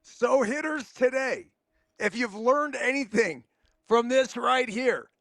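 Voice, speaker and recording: High-pitched slow-talking male co-host. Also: creaky, fairly bright tone, no echo. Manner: prompting, leads the guest to explain. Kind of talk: casual interview chat.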